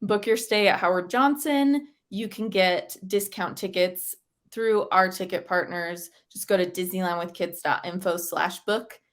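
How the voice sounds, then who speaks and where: A woman's voice: fairly low pitch, a little slow. A woman co-hosting a podcast in a casual, playful and upbeat chat, joking along as she talks. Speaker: podcast co-host.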